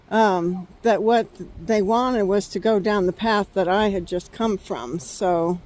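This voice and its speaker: A woman's voice: medium pitch, fairly even intonation, slow, hardly any pauses, darkish tone. A woman from California telling a story in a rambling, chatty vlog on an outdoor trail, laughing often as she talks. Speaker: travel vlogger.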